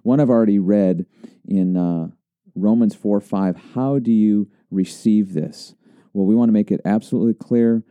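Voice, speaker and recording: Low dark-voiced pastor guy on a podcast, dead dry sound, earnest emphatic teaching. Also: moderate pace, smooth, no room sound.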